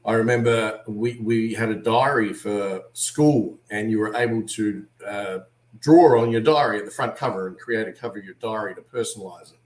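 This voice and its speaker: A man in his forties with an Australian accent, telling an animated story as a guest on a video call and acting out voices in quotes. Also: fairly low pitch, moderate pace, reverberant.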